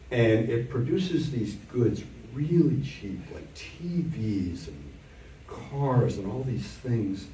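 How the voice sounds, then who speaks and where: A man's voice: fairly low pitch, warm tone, slight background noise. An older man giving an economics lecture to adult learners, telling stories from memory in a wry, explanatory way. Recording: echoey room from far off.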